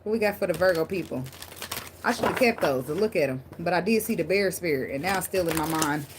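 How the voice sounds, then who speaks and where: Over heavy background noise, a fast-talking woman with a fairly low voice gives her viewers a casual tarot reading. She's animated and blunt, swearing freely and laughing as she talks straight to them.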